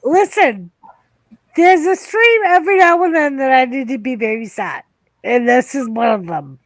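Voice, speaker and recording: A woman's voice: high-pitched, lively intonation, moderate pace, no echo. A woman with a Boston accent hosting a casual watch party stream from home, giggling, teasing and swearing freely. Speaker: stream host.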